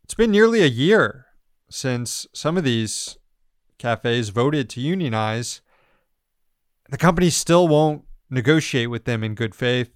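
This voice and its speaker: A man's voice: mid-range voice, animated, unhurried, clean tone, no room sound, studio quality. A man co-hosting a news podcast, reading headlines and riffing on them with sarcastic, profane commentary. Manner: sarcastic, profane, mocking voices of officials. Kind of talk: casual political commentary.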